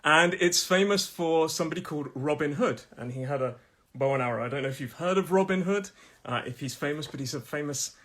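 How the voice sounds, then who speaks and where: A Midlands-accented man from Nottingham, England, hosts a live-streamed English pronunciation lesson from his room. His voice sits on the high side, fairly quick and a bit bright, and his chatty delivery is full of laughter and repetition.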